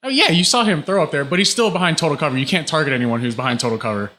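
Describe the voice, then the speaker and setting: Relaxed man running a tabletop game. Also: a little high, racing. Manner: casual, explains rules with fillers. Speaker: game master.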